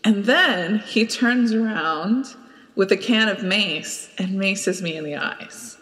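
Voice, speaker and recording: A woman's voice: mid-range voice, slow pace, a bit bright, in a large hall. A woman hosting a podcast, chatting casually and telling a story with lots of laughter. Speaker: podcast host. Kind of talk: casual chat and anecdote.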